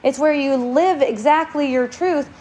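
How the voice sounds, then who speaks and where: A woman speaks in a fairly high, bright voice. She gives spiritual advice in an earnest, preachy way, loose and casual, with a curse word here and there. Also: unhurried, slight background noise. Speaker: spiritual talk host.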